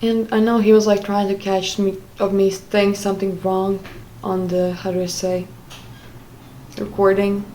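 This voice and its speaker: A young woman telling a personal story in a casual, halting way, often stopping to search for words. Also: medium pitch, little pitch movement, warm tone, slight background noise, rough recording. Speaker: vlogger.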